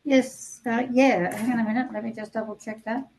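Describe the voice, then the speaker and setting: A woman's voice: fairly high pitch, steady tone, brisk, a little hiss or hum, poor audio. Affectionate hesitant woman participant. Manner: warm, affectionate, hesitant with fillers. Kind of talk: casual group chat.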